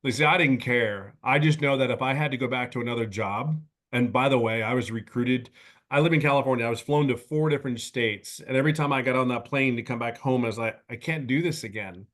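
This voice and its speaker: A man in his fifties giving a heartfelt personal testimonial on a webinar video call, speaking earnestly in halting, restarting sentences. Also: mid-range voice, fairly bright tone.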